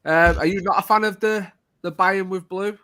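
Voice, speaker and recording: A man's voice: high-pitched, moderate pace, clear, resonant tone. Male host, casual, chatty, keeps the round moving. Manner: relaxed, chatty, asks others in turn. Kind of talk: casual podcast chat.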